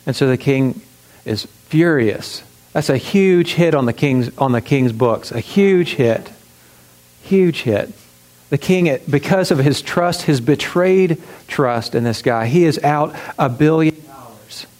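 A pastor giving a sermon, retelling a parable in a conversational way, with emphatic repetition and plenty of fillers. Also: male voice, on the high side, a little slow, a little mellow, poor audio. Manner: frequent fillers and restarts.

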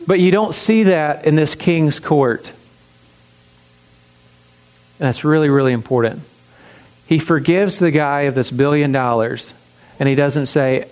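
A pastor giving a sermon, retelling a parable in a conversational way, with emphatic repetition and plenty of fillers. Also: male voice, on the high side, a little slow, pauses often, rough recording. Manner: frequent fillers and restarts.

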